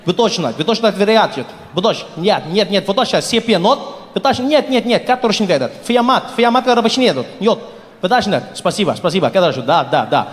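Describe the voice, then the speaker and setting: A man's voice: high-pitched, expressive. A man voicing a shady Russian man rambling on the phone, with a heavy Russian accent. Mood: scheming. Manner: rapid, rambling phone talk. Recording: stage hall with live audience.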